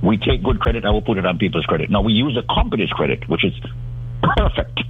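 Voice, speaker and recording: A man, a radio guest who pitches his services in a persuasive, salesman-like way. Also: very animated, fast talker, slightly rough. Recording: tinny phone line with faint noise.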